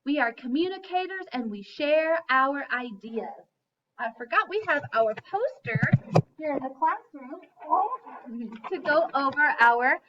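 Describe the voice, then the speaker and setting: A woman teacher giving a lesson to young children, speaking slowly and clearly and chanting in a sing-song voice. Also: high voice, lively intonation, far from the mic, muffled recording, a little hiss or hum. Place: classroom.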